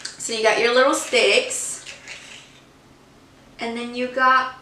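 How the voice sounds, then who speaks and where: High, bright-voiced young woman vlogging. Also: slow pace, pauses often. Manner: chatty, excitable, gushing. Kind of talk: casual snack-tasting vlog. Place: room at home. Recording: roomy sound, a bit far from mic.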